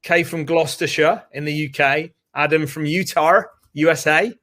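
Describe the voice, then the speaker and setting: A British man with a somewhat high voice co-hosts a live online training session from his home. He talks in a casual, chatty, upbeat way, reading out names of people joining. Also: steady tone, moderate pace, fairly bright tone. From United Kingdom. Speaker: co-host of a live training webinar. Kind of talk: casual live-stream chat. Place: home room with doors open.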